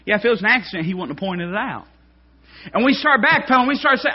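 A fervent male pastor preaches in a church, his high voice leaping up and down in pitch. The tone is husky and a little breathy. The recording is muffled and lo-fi. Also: expressive, fast talker. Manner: fervent, swings from quiet to shouted. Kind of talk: preaching sermon. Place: church sanctuary.

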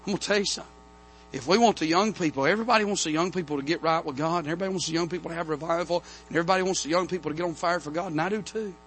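A man preaching a revival sermon from the pulpit, telling stories and building to loud, emphatic amens. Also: fairly high pitch, very fast, slight background noise. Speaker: pastor. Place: church sanctuary.

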